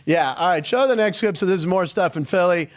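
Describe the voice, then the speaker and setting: A man's voice: high voice, expressive, fairly quick. A man hosting a sports podcast, chatting casually with wry, sarcastic asides.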